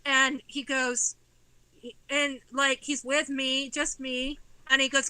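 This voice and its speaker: A woman in her forties with a piercingly bright, sharp-edged voice pitched a little high, talking in a loose, candid way that spills from one run-on sentence into the next. She swears freely and keeps the story rolling as a guest in casual conversation. The sound is very dry, with no room echo around her. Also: level tone, normal speed. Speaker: guest author.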